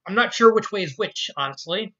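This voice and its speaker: A reader voicing a bookish, anxious young mare who talks haltingly and trails off. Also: medium pitch, animated, sharp tone, dull audio. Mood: unsure.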